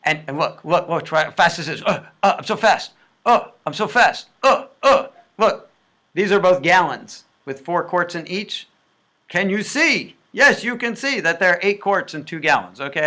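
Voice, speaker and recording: A man's voice: on the high side, sharp tone. A man walking through math homework problems step by step, joking as he goes. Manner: jokey, talks through math steps aloud. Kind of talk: playful homework walkthrough.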